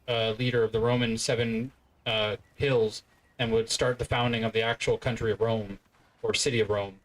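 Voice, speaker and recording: A man's voice: medium pitch, rough recording. A man from the United States giving casual gameplay commentary, rambling into chatty asides. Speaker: streamer.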